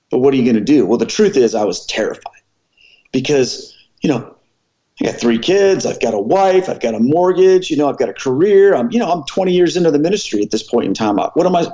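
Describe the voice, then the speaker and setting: A man in his forties, a former pastor and podcast guest, telling his conversion story in an earnest, animated way with quoted dialogue. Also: a little high, lo-fi sound. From American Midwest.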